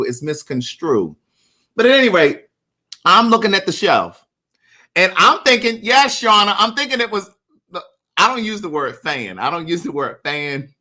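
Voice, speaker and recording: Bright-voiced man telling a story live. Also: high voice. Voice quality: animated, addresses viewers by name, drawn-out asides. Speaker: livestream host. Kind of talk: casual storytelling to live viewers.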